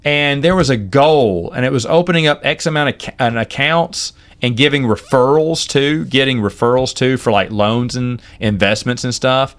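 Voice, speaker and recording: A man's voice: normal speed, few pauses, clear, resonant tone. A man in his forties casually telling stories from his life as a podcast host, acting out the people in them with big jumps in his voice. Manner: animated, acts out quoted people with big pitch jumps. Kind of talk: casual storytelling.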